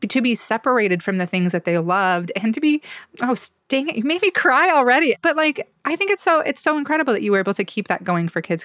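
A woman hosts an interview, chatty and quick to be moved by her guest. Her voice sits at a middle pitch. It is recorded close and dry with no room sound. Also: no room sound. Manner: warm, chatty, easily moved. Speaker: host.

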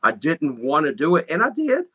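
A man's voice: fairly high pitch, huge pitch swings, normal speed, breathy edge, dull audio. A man from North Carolina with a thick Southern accent, talking plainly as a guest musician in a casual interview. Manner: thick drawl, plainspoken, proud.

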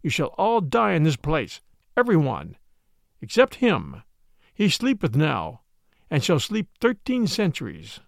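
A man's voice: a little high, huge pitch swings, vocal fry, dry recording, clean studio sound, full character voice. A man doing a gloating old wizard. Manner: slow, loud, menacing proclamation. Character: malicious old male wizard, gloating and vengeful.

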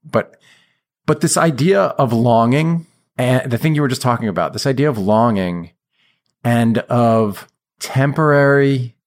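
A man with a mid-pitched voice hosts a casual interview. He asks probing questions, hedging his way through them with many fillers and restarts. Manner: hesitant, lots of fillers, admiring and probing. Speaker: interview host. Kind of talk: conversational interview.

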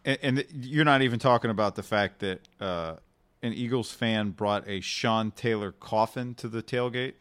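Low-voiced, halting sports podcast co-host. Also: male voice, a bit bright, clean tone. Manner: halting, self-correcting, easygoing. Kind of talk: casual sports chat.

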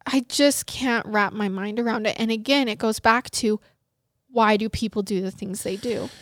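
A woman's voice: fairly high pitch, fairly even intonation, normal speed, no echo, studio quality. A woman co-hosting a true crime podcast, narrating a case in an earnest, emotional way. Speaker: podcast co-host.

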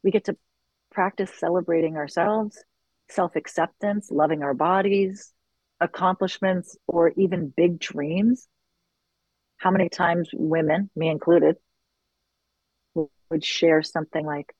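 A middle-aged woman who leads sharing circles, talking earnestly and reflectively in an interview, with lively bursts when she quotes others. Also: lowish voice, measured pace, slightly rough, no room sound, rough recording. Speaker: circle facilitator. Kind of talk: conversational interview.

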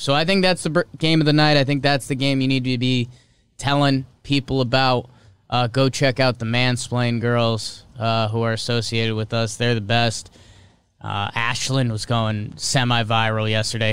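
Casting: young male podcast host, chatty sports takes, smooth clear voice, dry close sound. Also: medium pitch, a bit bright, no echo. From American North. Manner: chatty, opinionated, quick asides. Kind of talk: casual sports talk.

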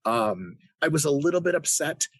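An American man talking as a podcast guest, animated and ranting with plenty of swearing. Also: on the high side, normal speed, husky, no room sound. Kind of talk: casual conversation.

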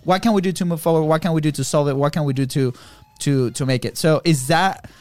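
A man's voice: fairly high pitch, fast, darkish tone, no echo. Earnest male co-host, dry sound. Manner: earnest, repeats "right?" often. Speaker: podcast co-host. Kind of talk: casual conversation.

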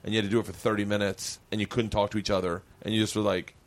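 Talking rapid-fire in a lowish voice, a male podcast host tells a profane, casual story with lots of energy. He acts out the voices of the people in it.

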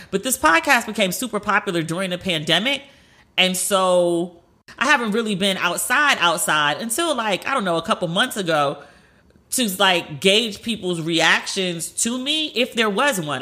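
Bright-voiced chatty woman podcaster. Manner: chatty, animated, swears freely, acts out quoted voices in a higher pitch. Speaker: podcast host. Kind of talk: casual solo podcast storytelling.

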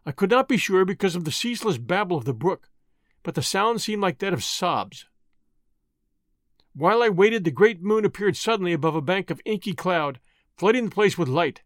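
A man narrates a first-person adventure novel with measured, dramatic phrasing. His voice sits on the high side. The recording is close and dry. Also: animated, no room sound. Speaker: audiobook narrator.

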